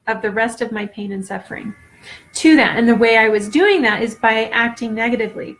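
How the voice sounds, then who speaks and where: A woman in her forties talking off the cuff to a camera, halting and earnest, close to tears, with many fillers and restarts. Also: a little high, fairly bright tone. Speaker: vlogger. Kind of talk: unscripted personal talk to camera.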